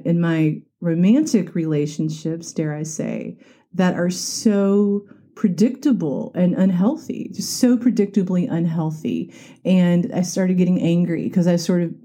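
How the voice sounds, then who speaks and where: Dark-voiced woman, candid podcast talk. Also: lowish voice. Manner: reflective and openly confiding. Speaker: life coach and podcast host.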